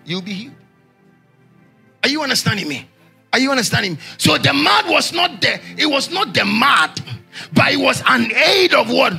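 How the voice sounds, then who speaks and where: A high, bright-voiced male pastor preaching in a sing-song, call-and-response style. His tone is rough and raspy with a gravelly edge, and his pitch leaps up and down as he shouts questions to the church. Faint music plays behind him. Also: very animated, normal speed.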